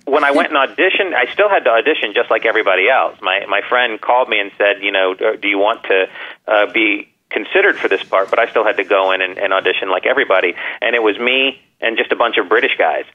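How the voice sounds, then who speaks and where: A man of middling pitch speaks earnestly, stumbling over repeated words as he restarts his sentences. His voice comes through a narrow, tinny phone line. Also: quick pace, few pauses. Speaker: actor, guest calling in. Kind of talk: casual phone interview. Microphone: telephone.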